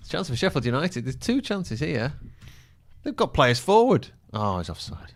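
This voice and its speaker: A man's voice: medium pitch, big pitch swings, normal speed. A man co-hosting a live football show, chatting casually and reacting to the action as it happens. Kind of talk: live in-play football chat.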